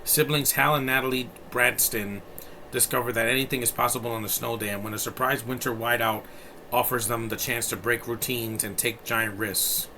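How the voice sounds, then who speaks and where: A man's voice: medium pitch, steady tone, normal speed, sharp tone, slight background noise. A man in his thirties from New York City, giving a casual and blunt film review, rambling with plenty of fillers and profanity. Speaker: movie reviewer.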